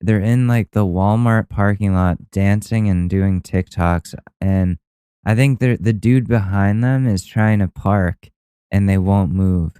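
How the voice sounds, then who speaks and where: Low, dark-voiced man riffing on clips. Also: a little slow, clear, resonant tone, dry recording. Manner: laughing, mocking, loose and profane. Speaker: podcast host. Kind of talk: casual commentary on viral clips.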